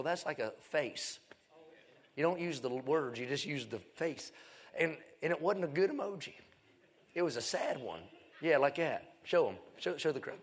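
Here the middle-aged evangelist speaks with a fairly high pitch. Delivering a revival sermon, he leans on folksy, self-mocking anecdotes and shifts from loud passages to quiet ones.

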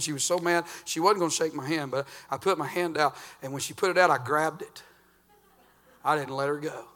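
Older pastor, folksy sermon delivery, bright and ringing tone. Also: male voice, on the high side. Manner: folksy preaching, swinging from loud to quiet.

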